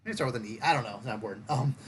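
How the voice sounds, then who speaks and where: A man's voice: mid-range voice, huge pitch swings, fast talker, a crowd in the background. Man talking through a film review. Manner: thoughtful, explains at length with fillers. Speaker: podcast host. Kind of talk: casual movie review chat.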